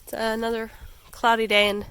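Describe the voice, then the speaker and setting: A woman's voice: fairly high pitch, monotone, moderate pace, a bit bright, clear, resonant tone. A woman chatting casually in a home vlog about her pets, rambling and giggling, cooing at the animals. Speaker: pet vlogger. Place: home pet room.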